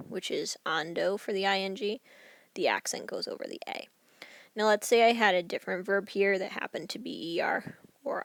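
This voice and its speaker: A woman teaching a recorded Spanish grammar lesson, explaining each rule clearly and reading example sentences aloud. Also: medium pitch, a bit bright, no room sound.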